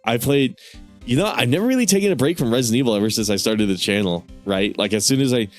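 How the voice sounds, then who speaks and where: A man's voice: medium pitch, expressive, quick pace, faint music behind. A man streaming a game, rambling casually, swearing and laughing often. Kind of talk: casual gaming stream commentary.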